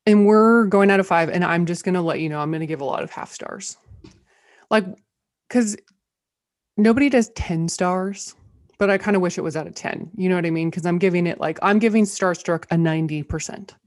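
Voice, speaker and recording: A woman's voice: fairly low pitch, fairly quick, no echo, clean studio sound. A woman co-hosting a podcast, chatting casually about TV shows with lots of "like" fillers. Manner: bubbly, many "like" fillers. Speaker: podcast co-host. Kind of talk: casual review chat.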